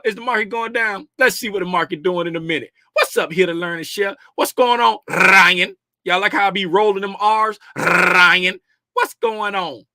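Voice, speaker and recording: A man's voice: high-pitched, bright, forceful tone, no room sound, clean studio sound. A man from Florida hosting a daily trading livestream, chatting casually and playfully in slang and greeting viewers by name. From Florida, USA.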